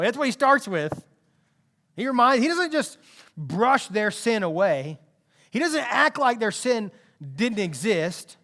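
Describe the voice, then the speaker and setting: Pastor in the pulpit, male, higher register, tells the story with lively, emphatic energy. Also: slow pace. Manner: animated, emphatic storytelling with asides. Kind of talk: sermon.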